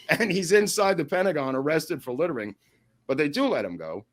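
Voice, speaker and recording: A man telling stories as an interview guest, animated and often laughing mid-sentence. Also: a little high, a little fast. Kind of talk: storytelling anecdotes in an interview.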